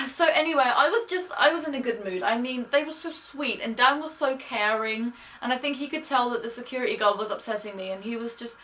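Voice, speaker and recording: A woman's voice: fairly high pitch, brisk, hardly any pauses, bright, forceful tone. A young woman telling a story in a chatty, gushing way, recorded as a casual vlog. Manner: chatty, gushing, quotes people in her own voice. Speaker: vlogger. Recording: distant mic with faint noise.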